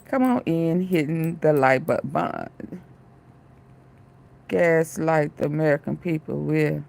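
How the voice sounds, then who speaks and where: A woman hosting a casual livestream, talking slowly and with plenty of sass. Her voice sits low, with a gravelly edge, and she often breaks into laughter as she scolds. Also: a little mellow. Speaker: commentary vlogger.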